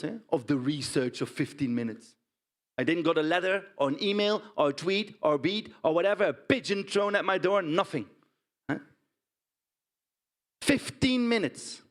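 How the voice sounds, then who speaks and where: A man playing a blunt, indignant pig farmer. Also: high-pitched. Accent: Dutch. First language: Dutch. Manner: blunt, animated storytelling with frequent "huh?" and "right?" tags. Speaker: stage performer. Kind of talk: theatrical monologue.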